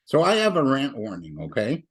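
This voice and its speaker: A man hosts a relaxed interview in a mid-pitched voice. He rambles through stories and voices opinions openly, with plenty of ums and restarts. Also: moderate pace, slightly rough. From Canada. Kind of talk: conversational interview.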